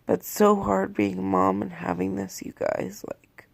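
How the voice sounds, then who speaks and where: A woman's voice: medium pitch, level tone, normal speed, creaky, no echo. A woman in her thirties talking from bed into a phone in a rambling, candid confessional vlog, shaky and worn out after a panic attack. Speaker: vlogger. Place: in bed in a bedroom at home.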